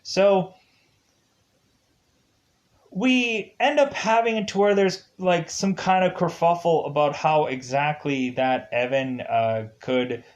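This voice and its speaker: Slow, rambling man with a Midwest accent. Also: a little high. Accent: Upper Midwest US. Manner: rambling, many fillers, chuckles to himself. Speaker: TV episode reviewer. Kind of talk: casual spoken review.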